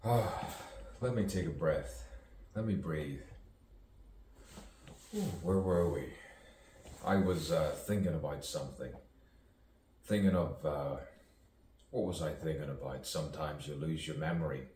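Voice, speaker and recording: A man's voice: rumbling low, unhurried, long pauses, a little mellow, slight background noise. A man improvising rambling, theatrical spoken-word musings, repeating words and chasing rhymes as he goes. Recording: echoey room, distant mic, faint ambience.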